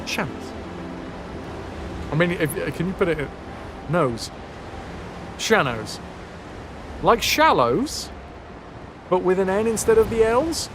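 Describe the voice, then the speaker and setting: A man's voice: high-pitched, animated, moderate pace, noisy background. A man chatting playfully and rambling through a live game stream, answering his chat as he plays. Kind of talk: casual live-stream chat while gaming. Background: game music.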